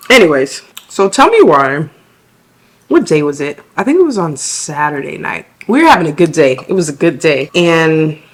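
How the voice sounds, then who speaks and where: A young woman, a stay-at-home mom vlogging to camera in a chatty, animated way with lots of fillers. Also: low voice. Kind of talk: casual chat to camera.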